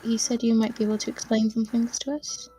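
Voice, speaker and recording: A woman's voice: on the high side, completely flat delivery, brisk, dark tone, faint music behind. A woman playing in a tabletop session, chatty and often giggling. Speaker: player. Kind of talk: casual play session.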